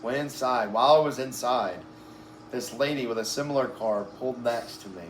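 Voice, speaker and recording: A man's voice: medium pitch, normal speed. Man, casual rambling storyteller, profane, lots of filler, slightly breathless, echoey room, faint background noise. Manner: rambling, profane, peppered with "like" and "right?". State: breathless, uses oxygen. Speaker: interview guest.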